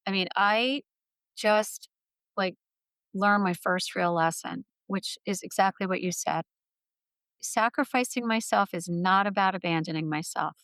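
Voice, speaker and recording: A middle-aged woman speaking as an interview guest, retelling her own story in an earnest, heartfelt manner. Her voice is smooth and resonant. The sound is close and dry. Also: medium pitch, a bit bright, no echo. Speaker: guest author.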